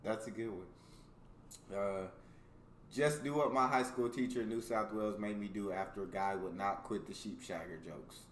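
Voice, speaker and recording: A man's voice: lowish voice, normal speed, roomy sound, slight background noise. An American man hosting a reaction video, reading jokes aloud in casual commentary and laughing often between them. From United States.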